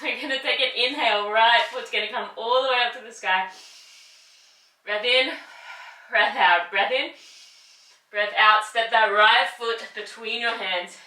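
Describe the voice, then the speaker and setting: Woman yoga teacher, bright tone, coaching through strain, off-mic in a roomy space. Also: a little high, fairly even intonation, a little slow, pauses often, distant mic. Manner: encouraging, pushes through effort and laughs at the strain. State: strained from holding the poses. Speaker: yoga instructor. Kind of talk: guided yoga class instruction.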